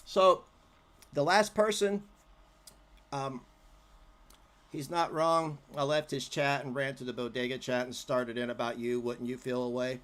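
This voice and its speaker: A man's voice: mid-range voice, steady tone, measured pace, pauses often, a bit bright. A man streaming commentary on a clip, mocking and sarcastic, with frequent swearing.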